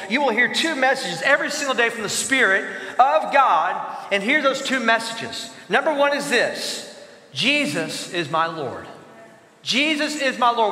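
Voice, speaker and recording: Male pastor preaching in a big church, long reverb, echoey hall, keeps asking the crowd what?. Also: very high-pitched. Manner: animated preaching with call-and-response questions. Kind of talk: sermon. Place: church sanctuary.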